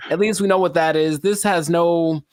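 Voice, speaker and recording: A man co-hosting a podcast in casual chat, rambling in an animated way and laughing as he talks. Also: a little high, moderate pace, a little hiss or hum. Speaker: podcast co-host.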